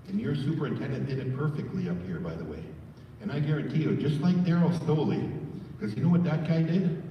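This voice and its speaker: A man's voice: medium pitch, slight background noise. A man leads a staff training session in a large room, chatting folksy and direct with the crowd. His voice bounces around the hall with a long echo, picked up from a distance on a dull recording. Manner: folksy, addresses the audience as folks. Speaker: presenter. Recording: roomy hall, far mic, dull.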